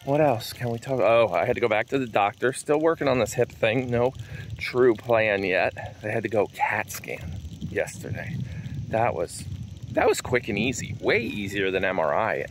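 A man with a fairly low voice chats easily to his viewers as he walks outdoors around his farm. He rambles from topic to topic in a relaxed, unscripted way. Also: a little hiss or hum. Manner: chatty, easygoing, calls out to a wandering dog. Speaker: farm vlogger. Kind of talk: casual rambling chat.

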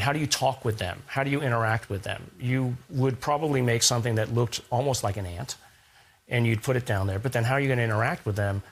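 A man being interviewed as a scientist guest, explaining ideas through analogies and rhetorical questions in a thoughtful, conversational way. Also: medium pitch.

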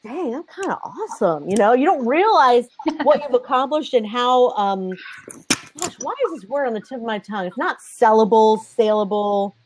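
A woman's voice: a little high, lively intonation, normal speed, noisy background. A woman interview guest chatting casually and enthusiastically about podcasting.

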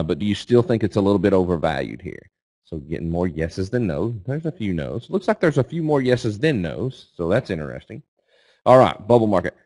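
Deep and a little mellow, the voice of a middle-aged man from Eastern Kentucky, US, comes through a dry recording. Speaking with a Kentucky accent as a guest on a trading webinar, he keeps things folksy and casual, checking in with "okay?" and "right?".

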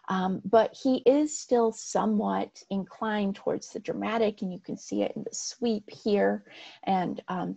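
A woman's voice: mid-range voice, creaky, dark tone, husky. A woman lecturing on art history over slides, explaining in a plain way with frequent "um" and "right".

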